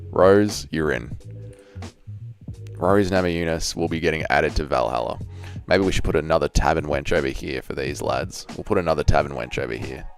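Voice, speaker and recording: A man's voice: low voice, vocal fry. A man from Australia with an Australian accent, hosting a casual livestream, chatting crudely and reading out his chat with lots of swearing. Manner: crude, profane banter, reads out chat. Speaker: streamer.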